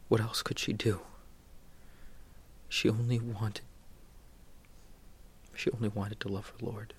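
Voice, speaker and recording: A man's voice: on the low side, little pitch movement, slow, long pauses, a little hiss or hum. A man preaching a sermon, retelling a story dramatically, dropping to near whispers and then rising sharply.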